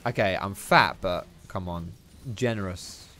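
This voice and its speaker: A man's voice: low-pitched, a little slow, sharp tone. A young man giving casual, chatty commentary over his own gameplay, swearing and tossing out teasing asides.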